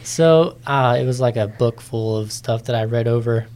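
A man's voice: mid-range voice, normal speed. Young man, around nineteen, interview guest, chatty storytelling, lots of fillers. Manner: chatty, animated when quoting others, many ums and likes.

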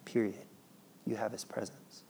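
A man in his thirties, a father, preaching a sermon in an animated, playful way and acting out his children's pleading. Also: fairly low pitch, moderate pace, creaky, slight background noise. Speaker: pastor.

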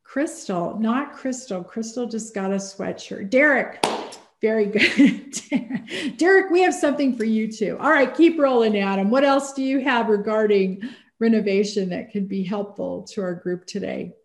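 A woman's voice: medium pitch, moderate pace. A woman hosting a webinar over a video call, chatty and playful, apologizing as she poses questions. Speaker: webinar host. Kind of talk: casual hosting chat.

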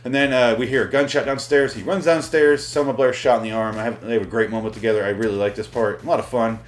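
A man's voice: medium pitch, fairly even intonation, quick pace, echoey room, slight background noise. A man recapping a movie in a casual, comic way, sarcastic and profane, sometimes acting out the characters. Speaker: movie reviewer. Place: hot room at home with the air conditioning off.

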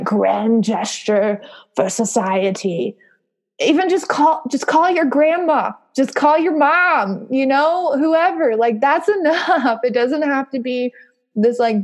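A woman with a fairly high voice hosts a casual live group call. She talks in an upbeat, encouraging way, laughs often and leans on "like" as she reads out and answers viewer comments. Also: a little mellow.

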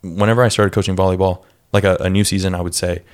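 A man's voice: deep voice, little pitch movement, fast talker. A man, a podcast co-host who coaches volleyball, talking in a reflective way and drawing out key words for emphasis. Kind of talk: casual podcast chat.

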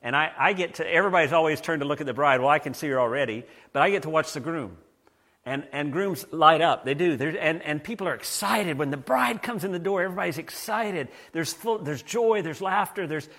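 A man's voice: a little high, fairly bright tone. A man who is a pastor, preaching a conversational sermon and reading scripture aloud, with frequent small restarts.

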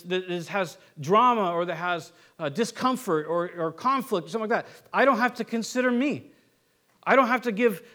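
Middle-aged male pastor, high voice, chatty sermon, frequent restarts. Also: bright, forceful tone. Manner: conversational, repeats words when restarting, asks "right?".

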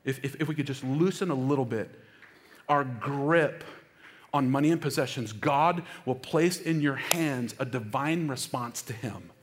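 A man's voice: mid-range voice, a little slow, slight background noise. A middle-aged male pastor preaching a sermon, stressing key phrases and calling on the congregation to repeat lines after him. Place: church sanctuary. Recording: long hall reverb.

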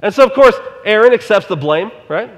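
A man's voice: high-pitched, lively intonation, a little fast, in a large hall. A male pastor preaching a sermon in a conversational way, often asking the congregation rhetorical questions.

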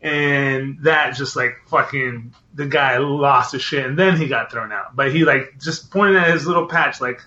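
A man's voice: on the high side, moderate pace, pushed and bright, dull audio. A man in casual podcast chat, telling rambling, profane stories with acted-out quotes.

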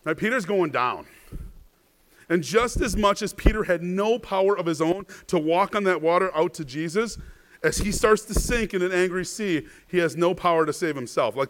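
A pastor with a slightly high voice preaches a sermon, posing rhetorical questions, often adding "right?", and stammering into repeats. His delivery swings between hushed and louder passages.

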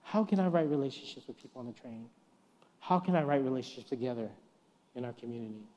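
A middle-aged man preaching a guest sermon in a church, telling stories and acting out the voices he quotes, swinging from soft to loud. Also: mid-range voice, expressive, quick pace. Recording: long reverb of a church hall.

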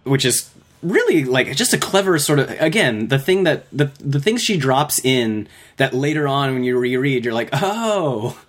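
A man's voice: mid-range voice, lively intonation, moderate pace, a bit bright. A man co-hosting a casual book discussion, rambling and checking in with "right?", acting out bits of dialogue. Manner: rambling, acts out quotes, frequent "right?". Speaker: podcast co-host.

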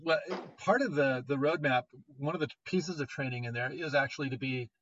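A man co-hosting a podcast, talking in a casual, animated way and quick to joke. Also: mid-range voice, a little hiss or hum. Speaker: podcast co-host. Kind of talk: casual conversation. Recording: dull lo-fi audio.

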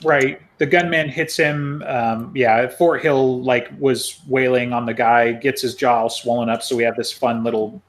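A man's voice: mid-range voice, fairly even intonation, measured pace, hardly any pauses. A man chatting casually about a book on a podcast, rambling with lots of "right?" and "like". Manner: rambling, many fillers and "right?".

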